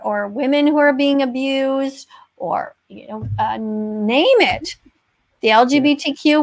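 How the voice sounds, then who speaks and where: A woman hosting a livestream chat, emphatic and moralizing, often repeating herself. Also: high-pitched. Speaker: host.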